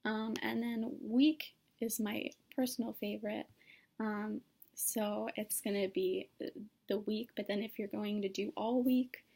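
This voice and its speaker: A young woman, a student demonstrating sign language, explains signs in a casual solo lesson. Her medium-pitched voice is steady and a little slow, gravelly, dark and husky. She uses many fillers and corrects herself often.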